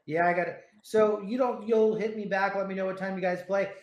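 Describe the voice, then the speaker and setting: A man's voice: high-pitched, steady tone, a little fast. A man hosting a casual radio chat, laid-back and rambling, swearing often as he tells stories. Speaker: radio host. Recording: roomy echo.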